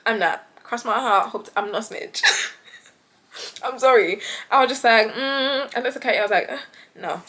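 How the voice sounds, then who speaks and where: Young British woman, higher-pitched voice, casual storytime vlog, animated, frequent laughs. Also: moderate pace. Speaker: vlogger.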